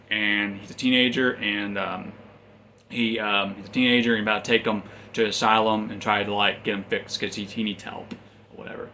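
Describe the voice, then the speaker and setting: A man's voice: lowish voice, bright, forceful tone, slight background noise. A man casually recapping a comic's plot as a reviewer, rambling with frequent ums and restarts.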